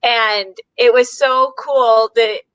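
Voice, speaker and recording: A bright, forceful woman with a slightly high voice hosts a casual video chat. She is chatty and affirming and tells her own stories, and her voice sounds dry and close. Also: steady tone, slow pace, clean tone, no room sound, muffled recording. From United States. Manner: chatty, warmly affirming, storytelling.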